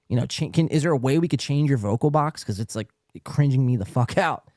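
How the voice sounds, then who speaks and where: A male podcast host with a very lively, swooping delivery, who swears freely and mimics accents. The sound is close and dry, with no room around it. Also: mid-range voice, fairly quick, hardly any pauses, dry recording. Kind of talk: casual podcast chat.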